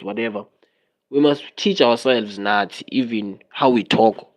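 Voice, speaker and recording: South African man, livestream chat, rambling, switches languages, mid-pitched. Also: moderate pace. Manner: animated, rambling, code-switching.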